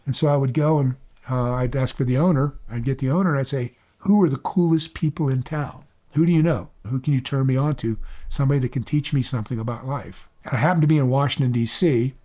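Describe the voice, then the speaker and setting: A man in mid-range pitch tells a personal story in an animated, emphatic way. His voice climbs and swells when he presses a point, then settles back into a relaxed, conversational telling. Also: fast, few pauses. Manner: animated storyteller, rises high when preaching. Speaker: speaker on mentorship. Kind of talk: storytelling talk.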